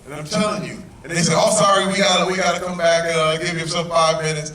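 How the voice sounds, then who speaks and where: A man telling a story at a premiere Q&A, lively and laughing, acting out quotes. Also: on the high side, quick pace, a little hiss or hum. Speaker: guest actor at a premiere Q&A. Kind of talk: animated storytelling in a Q&A. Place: large cinema hall with audience. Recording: echoey hall recorded from far off. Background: loud audience crowd.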